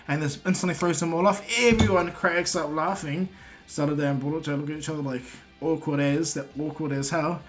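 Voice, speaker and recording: A man's voice: on the high side, fairly even intonation, a little fast, soft background music. A man casually retelling a made-up cartoon story, rambling with many fillers.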